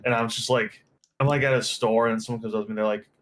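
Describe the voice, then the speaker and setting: A man chatting casually and jokily with friends on a live stream, swearing and jumping into high quoted voices. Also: fairly even intonation, fast.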